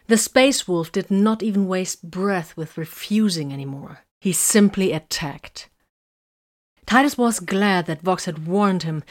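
Woman reading a battle story aloud, calm steady pace, lowish voice. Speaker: narrator. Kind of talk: audiobook reading of fan fiction.

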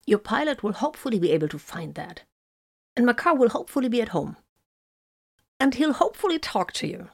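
A woman reading the part of a worried male officer who talks in a hurried, fretful way. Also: a little high, sing-song, vocal fry, no room sound, clean studio sound, pitched above the performer's own voice, exaggerated voice.

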